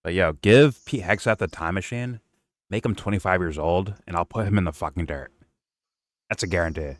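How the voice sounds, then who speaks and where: Low-voiced man in profane reaction banter. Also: a little fast, dry recording. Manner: profane, joking trash talk. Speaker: stream co-host reacting to a clip. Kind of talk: casual reaction commentary.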